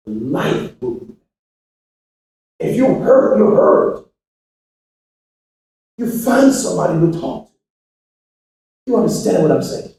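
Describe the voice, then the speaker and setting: A man with a high-pitched voice delivers a motivational speech to a hall full of listeners. He swings between shouting and hushed, preachy asides, and he keeps pressing the crowd with questions. The sound is very roomy and captured from far off in a large hall. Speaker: motivational speaker to students. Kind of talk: motivational speech to a live audience. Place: large echoey hall with an audience.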